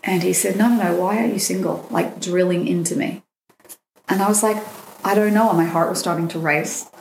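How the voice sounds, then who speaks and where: Woman on a podcast telling a story, lowish voice, acts out everyone's lines, echoey room with a faint hum. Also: a little fast, gravelly. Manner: animated, acts out quoted dialogue. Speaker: dating coach guest. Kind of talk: personal storytelling in a podcast interview.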